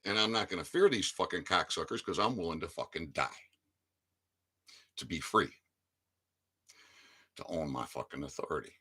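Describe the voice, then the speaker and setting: A man delivering an angry ranting monologue, swinging between shouting and low muttering, with heavy profanity. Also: sing-song, a little slow, pauses often, slightly rough. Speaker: channel host.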